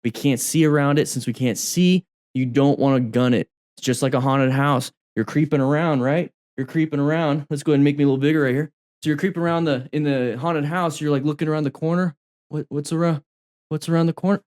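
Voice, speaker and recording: A man's voice: on the high side, fairly even intonation, fast talker, darkish tone. A man who teaches motorcycle riding, commenting over road videos in a chatty way and repeating phrases for emphasis.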